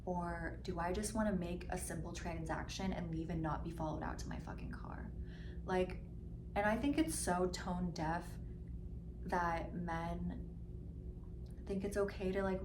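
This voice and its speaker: A woman in her twenties ranting casually in a storytime vlog, full of "like" and swearing, mimicking other people in quick asides. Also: lowish voice, steady tone, background noise. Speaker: vlogger. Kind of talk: mukbang storytime rant. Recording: slightly echoey room with faint ambience.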